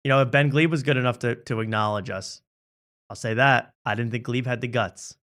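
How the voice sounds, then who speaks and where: A man's voice: mid-range voice, steady tone, fairly quick, fairly bright tone. A man hosting a comedy talk show, riffing casually and joking about online videos. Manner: joking, mock voices, laughs often. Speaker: comedy podcast host.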